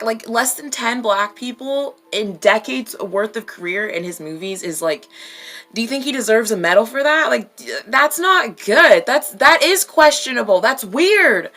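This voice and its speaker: A woman's voice: fairly high pitch, bright, forceful tone. A woman vlogger in casual chat, blunt and emphatic, swearing freely.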